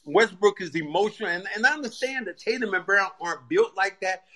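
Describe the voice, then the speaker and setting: An older man, a former pro player, chatting casually on a sports podcast, telling animated stories full of acted quotes and colloquial repeats. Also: sits high, fairly quick, a crowd in the background. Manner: colloquial, repeats words when revving up. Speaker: former pro basketball player, guest analyst.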